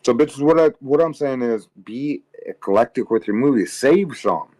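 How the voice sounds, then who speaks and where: A man's voice: expressive, moderate pace, darkish tone, dry recording, rough recording. A tired man on a livestream ranting crudely, swearing constantly and rambling. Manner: crude, rambling, swears constantly, mocks others in high voices. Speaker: livestream co-host. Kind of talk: casual livestream rant.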